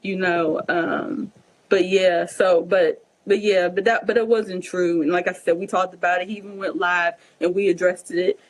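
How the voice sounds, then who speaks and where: A woman's voice: on the low side, normal speed, rough recording. A woman vlogger answering viewer questions in a casual Q&A, telling a personal story and acting out the dialogue as she goes. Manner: animated, acts out quoted dialogue.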